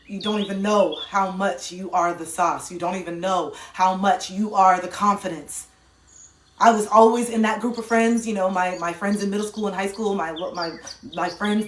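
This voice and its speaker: A woman's voice: medium pitch, steady tone, normal speed, distant mic, a little hiss or hum. A woman giving an impassioned livestream monologue into her phone, emphatic and swearing, repeating lines for effect. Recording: echoey room, voice set back from the phone.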